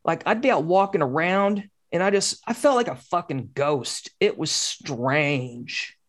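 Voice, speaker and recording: A woman telling a personal story in casual conversation, swearing often and talking in an animated, candid way. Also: low voice, a little slow. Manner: swears constantly, animated, acts out quoted dialogue.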